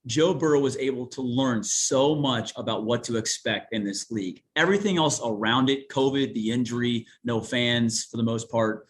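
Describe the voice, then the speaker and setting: Man, Central Ohio accent, sportscaster guest, animated, folksy, average pitch. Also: normal speed, hardly any pauses, a little hiss or hum. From Newark, Ohio. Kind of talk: casual sports interview.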